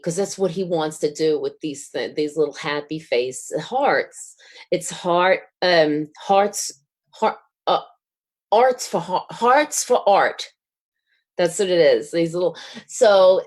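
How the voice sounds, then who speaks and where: A middle-aged woman, a guest telling a story in an interview, rambling with fillers and restarts and laughing as she gets excited. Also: fairly low pitch. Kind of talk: casual storytelling.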